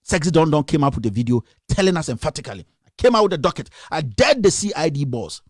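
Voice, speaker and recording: A man's voice: a little high, sing-song, fast, no echo, clean studio sound. A young Ghanaian man with a Ghanaian accent, delivering an impassioned political rant on a live stream and firing off scolding rhetorical questions. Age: young adult. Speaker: radio commentator.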